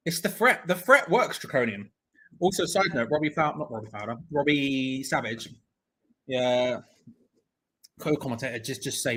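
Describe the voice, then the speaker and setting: A man's voice: mid-range voice, lively intonation, moderate pace, bright, forceful tone, slightly rough, rough recording. A young man hosting a live football watch-along, chatting, joking and reading out viewer comments. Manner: chatty, jokey, reads viewer comments aloud.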